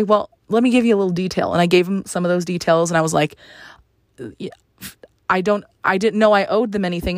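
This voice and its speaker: A woman's voice: mid-range voice, no echo. A young woman telling a story in a casual, sarcastic, exasperated rant.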